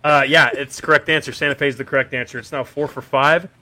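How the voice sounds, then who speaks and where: A man's voice: mid-range voice, fairly even intonation, fast, bright, forceful tone. A man hosting a casual quiz in a playful, teasing way, laughing often. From Kentucky. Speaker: quiz host.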